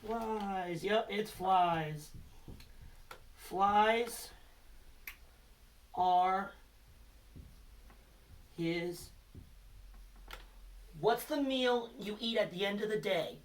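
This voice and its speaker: This male teacher's voice sits high, and he talks extremely slowly with frequent pauses. He records a lesson for children, patiently encouraging them and quizzing with letter hints, positioned a bit away from the microphone.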